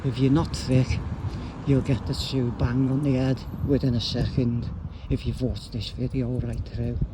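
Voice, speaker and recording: A blunt, rambling man talks into his phone while strolling outside. His voice sits at an ordinary middle pitch, and clear traffic and street noise run behind him. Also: little pitch movement, measured pace. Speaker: YouTuber. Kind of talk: casual vlog rant while walking. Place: outdoors on a street.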